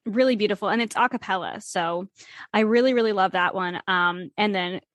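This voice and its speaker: A woman, hosting a casual podcast interview, chatty and quick to laugh. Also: mid-range voice, a bit bright, no room sound. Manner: bubbly, laughs often, many fillers. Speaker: podcast host.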